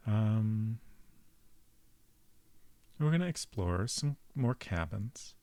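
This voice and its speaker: A man giving casual live-stream commentary while playing a game, chatting with viewers and thinking out loud. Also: fairly low pitch, sing-song, a little slow, no echo.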